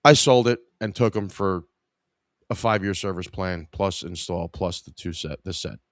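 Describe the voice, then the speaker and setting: A man's voice: low-pitched, moderate pace, no room sound, studio quality. A man hosting a podcast, telling a story in a casual, profane, exasperated way. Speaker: podcast host.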